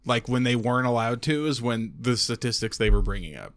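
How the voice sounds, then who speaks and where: A man's voice: mid-range voice, a little fast, fairly bright tone, dry recording. A man talking in a casual podcast chat, blunt and teasing as he tells a story. His voice sits in the middle of the usual range. The sound is close and dry, with no room around it. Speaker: podcast host.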